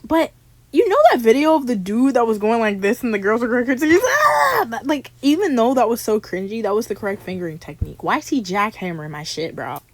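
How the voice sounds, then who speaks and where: A young woman tells a personal dating story in a giggly, animated manner. Her voice sits high and swings widely in pitch, and the clip is played inside a reaction video. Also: fast talker, no echo. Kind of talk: casual anecdote.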